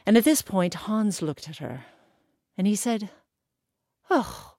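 Expressive woman teller of folk tales, lively pitch, unhurried delivery. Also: dry recording, clean studio sound. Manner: animated, expressive, building drama. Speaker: storyteller. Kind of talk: told folk tale.

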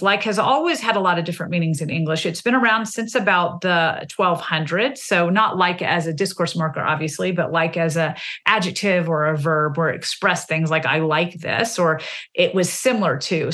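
A woman in her forties, a linguist, giving animated explanations in an interview and acting out example phrases. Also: mid-range voice. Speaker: linguist guest.

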